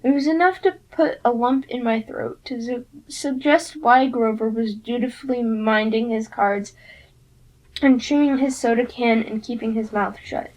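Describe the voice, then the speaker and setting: A woman reads a novel aloud in the first person, telling the story expressively. Her voice sits somewhat high. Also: fairly even intonation, unhurried, darkish tone, low-quality recording. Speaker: narrator.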